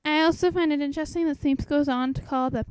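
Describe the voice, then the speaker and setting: A woman's voice: sits high, steady tone, quick pace, a little mellow, a little hiss or hum, low-quality recording. A young woman chatting about a book she is reading, asking nitpicking questions in a casual, quizzical way. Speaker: book commentator. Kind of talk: casual spoken book commentary.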